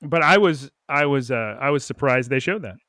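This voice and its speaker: A man co-hosting a casual podcast, animatedly retelling a cartoon episode with quick quoted voices and laughs. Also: medium pitch, lively intonation, a bit bright, dry recording, studio quality. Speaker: podcast co-host.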